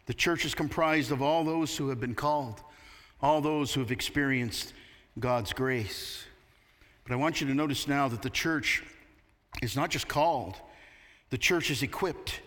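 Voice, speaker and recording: A man's voice: a little high, sharp tone, long reverb tail. A man preaching a sermon from Canada, earnest and building to emphatic peaks. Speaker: pastor.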